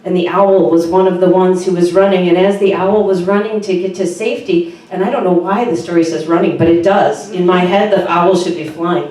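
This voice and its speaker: A woman pastor giving a sermon in an earnest, conversational way, with soft fillers, in a church sanctuary. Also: medium pitch. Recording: very echoey room from far off.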